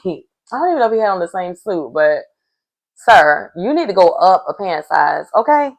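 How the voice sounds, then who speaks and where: Sassy woman with a gravelly voice. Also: on the low side, big pitch swings, moderate pace. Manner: sassy, talks straight to viewers with asides. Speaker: reality show recap vlogger. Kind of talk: casual chatty episode recap.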